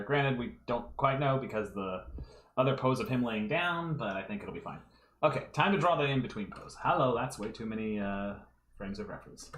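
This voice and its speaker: This man's voice is mid-range and fairly bright, caught in an echoey room at home. He's a fan artist on a livestream, chatting casually as he draws, walking through his work step by step and thinking aloud.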